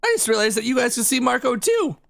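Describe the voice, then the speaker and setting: A man's voice: extremely high pitch, sing-song, fast, gravelly, a bit bright, dry recording, studio quality, pitched above the performer's own voice, heavily acted. A man voicing a timid, upset young boy who stammers nervously, reading game dialogue on stream.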